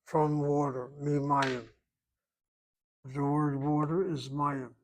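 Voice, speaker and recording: Man, teacher, classroom lesson, slow and explanatory, repeats words, slightly high voice. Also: little pitch movement, low-quality recording. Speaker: Hebrew teacher.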